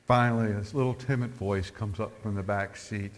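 A man's voice: fairly low pitch, fairly even intonation. A man preaching a sermon as pastor, telling anecdotes and often repeating words as he goes. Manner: tells stories, often repeats words, slows for emphasis.

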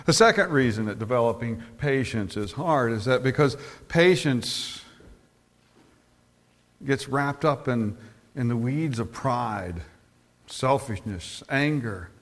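A man's voice: medium pitch, expressive. A man preaching a sermon as pastor, telling anecdotes and often repeating words as he goes. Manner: tells stories, often repeats words, slows for emphasis.

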